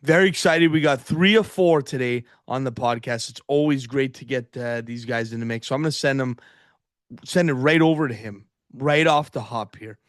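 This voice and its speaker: A man's voice: mid-range voice, moderate pace, dry recording. A man hosting a casual sports podcast, with dry, teasing banter. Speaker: podcast host.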